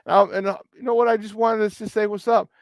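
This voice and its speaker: A man hosting a morning sports talk show from a studio, hyped and playful as he shouts out listeners in the chat. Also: high-pitched, flat delivery, quick pace, clear, resonant tone, no room sound. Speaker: sports talk radio host.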